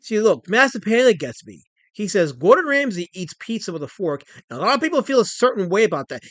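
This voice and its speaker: A man with a high voice hosts a livestream. He talks straight to his chat in a mock-pompous, stammering way. The sound is dry, with no room echo. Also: sing-song, fast talker, few pauses, fairly bright tone. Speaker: livestream host.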